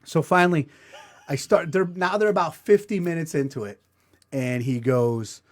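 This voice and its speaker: A man's voice: on the high side, normal speed. A man hosting a podcast, telling a story in a casual, profane, self-mocking way. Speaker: podcast host. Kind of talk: comedic storytelling.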